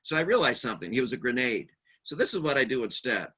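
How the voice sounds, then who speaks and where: A man giving a conference workshop talk, humorous and animated, telling stories and acting out the voices of the people he quotes. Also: medium pitch, quick pace, husky. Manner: lively, animated delivery. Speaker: seminar speaker.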